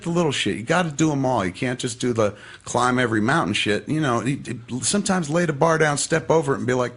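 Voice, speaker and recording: A man telling a personal story in a casual podcast chat, swearing freely and acting out what people said. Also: on the low side. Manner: profane, animated storytelling with acted-out quotes. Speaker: podcast guest.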